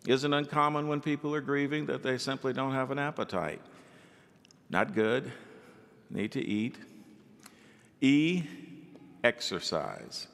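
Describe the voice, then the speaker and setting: Man preaching, pastor, animated, acts out quotes, unhurried delivery, reverberant church hall. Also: medium pitch, creaky. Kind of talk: sermon.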